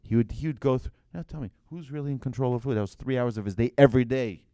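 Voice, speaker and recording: A man giving an animated religious lesson to a group, asking rhetorical questions and telling anecdotes. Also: medium pitch, fast talker, dry recording, studio quality.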